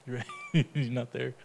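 A man leads a relaxed Bible study in an easygoing, talkative way. He laughs often and acts out the stories in quick bits of dialogue. His voice sits at an ordinary middle pitch for a man. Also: vocal fry, slight background noise. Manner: chatty, laughs often, retells stories in lively quoted dialogue. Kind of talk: casual Bible study teaching.

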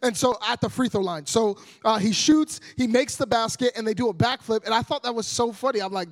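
A young man preaching a sermon as a guest evangelist, joking with the congregation and building up to loud, energetic preaching. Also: extremely high pitch, brisk, few pauses.

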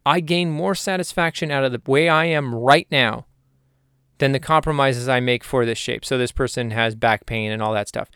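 A man's voice: medium pitch, normal speed, a bit bright, clean tone, dry recording, clean studio sound. A man hosting a solo podcast in a casual, jokey, rambling way. He is also a hypnotherapist and sometimes talks to himself.

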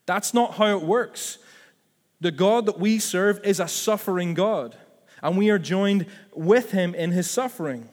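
A man's voice: high-pitched, unhurried, darkish tone, big-room sound. A man preaching a sermon as pastor, conversational and full of asides and self-corrections.

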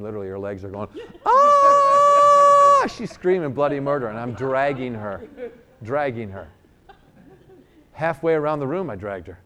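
A man's voice: medium pitch, a little hiss or hum. A middle-aged man from New York preaching a sermon, telling a healing story with jokes and acting out both sides of the dialogue. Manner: animated, joking, acts out dialogue.

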